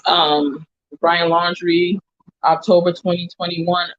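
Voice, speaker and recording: A man giving a casual tarot reading, halting and repeating words as he talks to viewers. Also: high voice, little pitch movement, fairly bright tone, no room sound. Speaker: tarot reader in a played clip. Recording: dull lo-fi dry clip.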